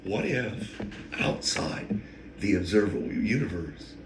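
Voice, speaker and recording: A man's voice: deep voice, big pitch swings, slow, noisy background. A man hosting a rambling, emotional spiritual monologue, often wandering off topic and catching himself. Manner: digressive, emotional, self-interrupting. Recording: echoey room.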